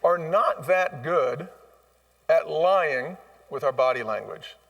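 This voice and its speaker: Heard from a distant mic, a former restaurant chain CEO appears as a guest in a live interview on a conference stage. His slightly high, fairly bright voice is animated and slow with some vocal fry as he tells emphatic stories and acts out dialogue.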